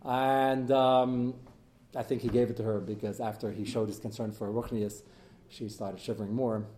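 A man teaching a Talmud class as a rabbi, animated and joking, his voice jumping up and down as he mixes in Hebrew study terms. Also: moderate pace, slight background noise. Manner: animated, swings in pitch and loudness. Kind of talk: lively Talmud lecture with jokes.

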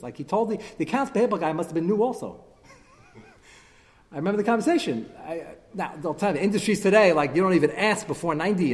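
A man teaching a lively religious class, telling anecdotes with animated, exasperated emphasis. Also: on the high side. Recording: long hall reverb.

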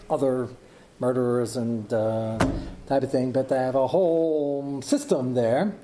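A man teaching a Torah class, telling a story animatedly with frequent Hebrew and Yiddish terms and quick asides. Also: fairly high pitch, dark tone, slight background noise.

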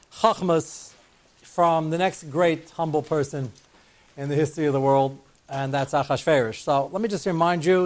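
A man giving a Torah class, joking and wandering off on side stories while mixing in Hebrew and Yiddish terms. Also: fairly high pitch. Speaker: rabbi teaching a class.

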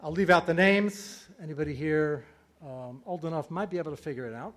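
A man's voice: on the high side, brisk, fairly bright tone. A man giving a storytelling sermon to a live audience as a rabbi, acting out the voices he quotes.

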